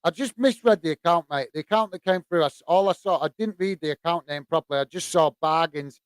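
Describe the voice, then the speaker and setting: A man from the UK hosting a football live stream, chatting casually and reading out viewer comments, with many pauses, fillers and restarts. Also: a little high, clear, resonant tone, dry recording. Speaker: host of a football channel.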